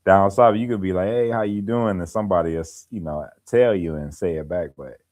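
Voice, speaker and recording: A man's voice: sits low, a little fast, darkish tone. A laid-back man chatting casually on a live stream, telling stories and laughing as he goes. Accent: African American Vernacular English. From American Midwest or East Coast. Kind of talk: casual chat.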